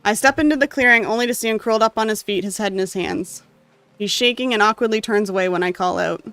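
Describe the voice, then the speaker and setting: A gamer reading a story game's text aloud with emotional, expressive delivery and occasional asides. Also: mid-range voice, fast talker, no echo. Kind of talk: dramatic reading of game text.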